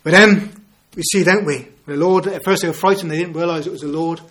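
A man's voice: fairly high pitch, steady tone, a little fast, a bit bright. Earnest preacher in his fifties. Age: 50s. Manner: earnest, leans on rhetorical tag questions. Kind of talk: evangelistic sermon.

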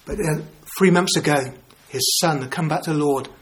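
Male preacher, 50s, earnest sermon delivery with rhetorical questions, slightly higher voice. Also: normal speed. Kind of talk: evangelistic sermon.

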